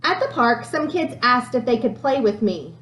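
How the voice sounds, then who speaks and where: A woman teacher giving a lesson and reading a picture book aloud with lively expression and frequent fillers. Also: fairly high pitch, normal speed, a little hiss or hum. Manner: animated storyteller who reads with many fillers. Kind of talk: classroom read-aloud and lesson. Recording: echoey room.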